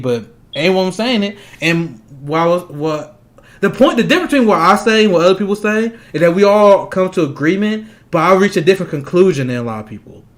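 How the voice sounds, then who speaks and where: Angry high-voiced man ranting about politics. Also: a bit bright. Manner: angry, fast, profane, laughs mid-sentence. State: agitated. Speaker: political commentator. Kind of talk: heated political rant.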